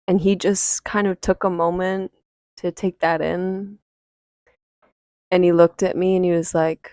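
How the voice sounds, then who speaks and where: A woman's voice: on the low side, level tone, a little slow, long pauses, a little mellow, no echo. A woman hosting a podcast, telling a personal story in a casual, emotional and reflective way, with many fillers. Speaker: podcast host.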